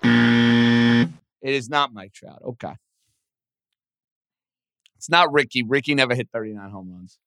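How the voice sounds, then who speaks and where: A man hosting a sports radio show, casually thinking out loud as he works through baseball trivia. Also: medium pitch, measured pace, long pauses, no room sound. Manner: animated, thinks out loud, self-deprecating.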